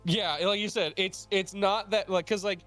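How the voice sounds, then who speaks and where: A man's voice: high-pitched, steady tone, moderate pace, pushed and bright, faint music behind. A man, a guest, talking casually and rambling with lots of filler words. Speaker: guest co-reader. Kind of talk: casual chat.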